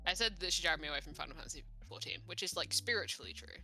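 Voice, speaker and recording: A woman's voice: low-pitched, racing, faint music behind. A sleepy woman co-hosting a stream, chatting casually and laughing a lot. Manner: laughs a lot, bright and lively. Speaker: co-host.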